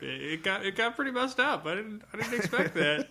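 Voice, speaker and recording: Brief: animated male podcast storyteller, piercingly bright tone, fairly high voice, quick laughs. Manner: animated, laughing, acts out dialogue. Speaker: podcast co-host and game master. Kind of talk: casual anecdote telling.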